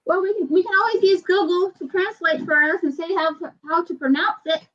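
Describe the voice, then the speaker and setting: A woman hosting a casual chat, playful and quick to laugh, swearing casually. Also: very high voice. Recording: dull lo-fi sound.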